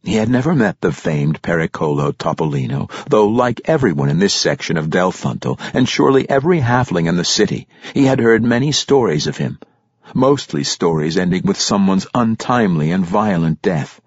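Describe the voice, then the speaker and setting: A man narrating a fantasy audiobook with expressive storytelling. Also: low voice, normal speed, husky, no room sound. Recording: dry, slightly muffled lo-fi recording.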